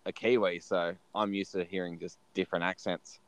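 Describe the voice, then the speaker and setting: Australian man, very low voice, smooth and resonant, dry close sound, laid-back talk. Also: flat delivery, brisk, dry recording. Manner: laid-back, self-deprecating, easygoing. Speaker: guest. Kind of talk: casual chat.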